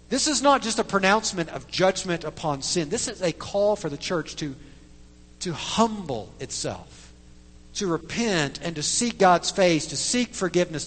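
Lively, slow-preaching man in a reverberant hall. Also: high voice. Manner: emphatic, frequent tag questions. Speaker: pastor. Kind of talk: sermon.

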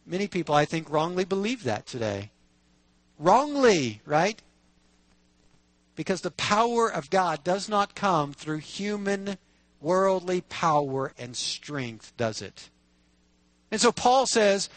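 A man's voice: high-pitched, sing-song, slow, pauses often, no room sound. A man as pastor reading scripture, praying and preaching in an earnest, conversational way with rhetorical questions. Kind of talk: sermon.

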